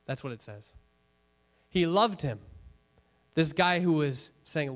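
A man preaching a sermon to his congregation, talking to the room in a lively, conversational way, with joking asides and rhetorical questions. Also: a little high, takes it slowly. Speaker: pastor. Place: church before a congregation.

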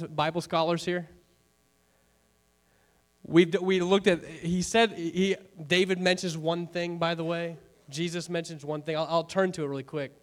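A man preaching a sermon to his congregation, talking to the room in a lively, conversational way, with joking asides and rhetorical questions. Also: high-pitched. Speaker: pastor. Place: church before a congregation.

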